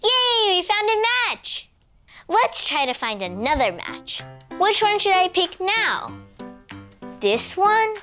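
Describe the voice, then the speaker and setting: A woman's voice: very high voice, very animated, slow pace, sharp tone, faint music behind, exaggerated voice. A woman voicing a cheerful young girl puppet who hosts a children's game show.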